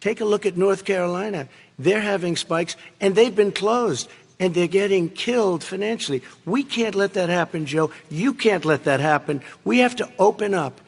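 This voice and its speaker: A man's voice: high-pitched, moderate pace, gravelly, breathy edge. Combative older man in debate hall. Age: 70s. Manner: interrupting, combative, repetitive. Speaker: debate candidate. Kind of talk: heated live debate. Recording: live hall with reverb.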